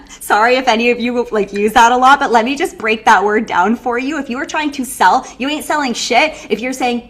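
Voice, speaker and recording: Animated woman coaching a live workshop. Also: fairly high pitch, quick pace. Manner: animated, casual, swears, laughs often. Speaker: breathwork coach. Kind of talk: live online workshop talk.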